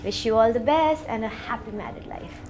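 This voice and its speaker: A woman gives a toast at her sister's wedding, gushing with feeling and close to tears. Her voice sits a little high and lifts as she speaks. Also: brisk, loud music behind the voice. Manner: emotional, gushing. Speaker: bride's sister.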